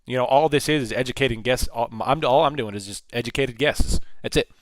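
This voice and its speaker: A man's voice: mid-range voice, fairly quick, no echo. A man hosting a live trading stream, talking casually and thinking aloud, often repeating and restarting his phrases. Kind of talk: casual live market commentary.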